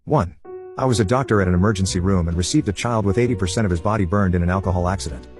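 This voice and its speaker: A man reading online stories aloud as a steady scripted narration. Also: low voice, very fast, music in the background.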